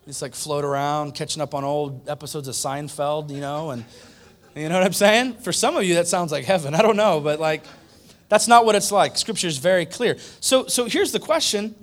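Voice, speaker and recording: A man's voice: fairly high pitch, normal speed. A male pastor preaching a conversational sermon, repeating points for emphasis. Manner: conversational, emphatic repetition, animated.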